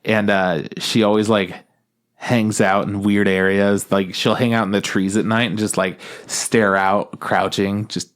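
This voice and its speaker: A man co-hosting a podcast in casual chat, animated and laughing often as he retells scenes. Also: unhurried, smooth. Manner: animated, acts out characters in high voices, laughs often. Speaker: podcast co-host.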